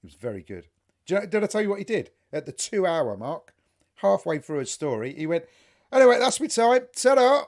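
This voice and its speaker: A British man co-hosting a casual podcast chat, animated, laughing often and swearing freely. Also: fairly high pitch, a little fast. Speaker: podcast co-host.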